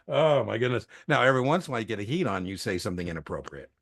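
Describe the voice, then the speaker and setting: A man's voice: mid-range voice, expressive, very fast, few pauses, a bit bright. A middle-aged man telling long, rambling anecdotes in casual chat, with many restarts and fillers. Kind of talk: casual storytelling.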